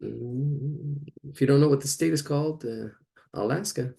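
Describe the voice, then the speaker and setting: A man talking casually to himself as he draws during a class practice, rambling and chuckling in quiet asides. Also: medium pitch, normal speed, gravelly, breathy edge. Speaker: drawing instructor. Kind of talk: casual narration while drawing.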